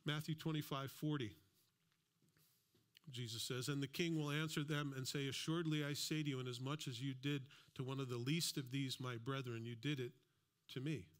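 A man's voice: medium pitch, steady tone, moderate pace. A man preaching a sermon as a pastor, in a conversational style with asides and acted-out quotes. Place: church.

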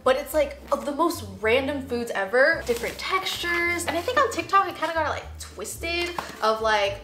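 Casting: bubbly, chatty woman YouTuber in her twenties, high, lively voice, echoey room with faint music. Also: moderate pace, few pauses. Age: 20s. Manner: bubbly, chatty, giggly, emotional asides. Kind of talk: casual unboxing vlog.

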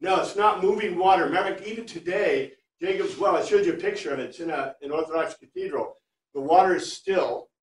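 A man teaching a Bible class, chatty and animated, reading Greek phrases word by word for his students. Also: a little high. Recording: echoey room, far from mic.

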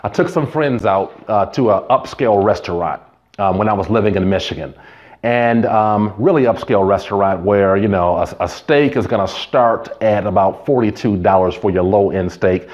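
A man's voice: on the low side, normal speed, darkish tone, lo-fi sound. A man preaching a sermon as pastor, in a conversational way, telling stories and adding asides.

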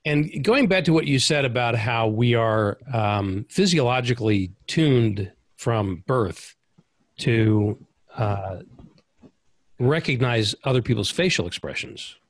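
A man's voice: medium pitch, expressive, slow, no room sound. A man hosting an interview, reflecting aloud in searching phrases. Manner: thoughtful, searching phrasing with restarts. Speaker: interview host. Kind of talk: conversational interview over video call.

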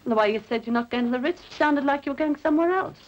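An actress's high-pitched voice, quick and lightly acted, gives life to a reproachful, wheedling widowed mother who clings to her family in a 1960s TV drama. The sound is the dull, faintly hissing kind found in 1960s TV recordings.

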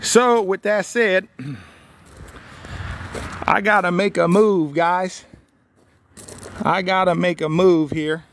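A man's voice: sits high, steady tone, slow pace, pauses often, a little hiss or hum. A man hosting a casual live stream as a cabin salesman, playfully teasing a viewer, laughing often and repeating himself, with folksy sign-offs.

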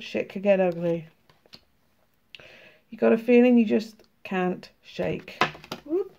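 British woman with a sore throat, gravelly voice, chatty and sweary, bit of a dull lo-fi sound. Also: mid-range voice, warm tone. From United Kingdom. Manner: chatty and laughing, swearing freely. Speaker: tarot and oracle card vlogger. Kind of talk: casual card flip-through, reading cards aloud.

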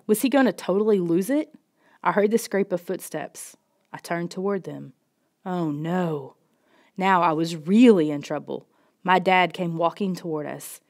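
A woman reading a children's storybook in the first person, steady and expressive. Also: lowish voice, measured pace. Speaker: audiobook reader.

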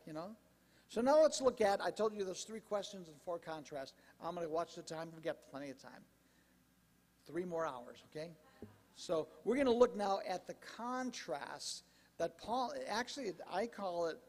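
Animated high-voiced male pastor preaching. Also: normal speed, in a large hall. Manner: animated, conversational preaching with asides. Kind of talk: sermon. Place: church sanctuary.

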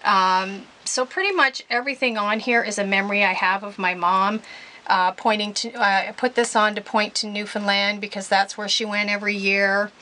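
A woman's voice: mid-range voice, steady tone, normal speed. A middle-aged woman from Canada, casually telling family stories while showing a craft piece. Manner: warm storytelling with laughs. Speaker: crafter showing her artwork. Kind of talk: casual chat.

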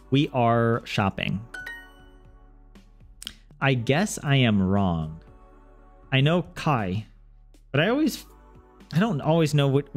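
A man learning a language on a casual livestream, thinking aloud to his viewers with many restarts and self-corrections. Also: mid-range voice. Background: soft game music.

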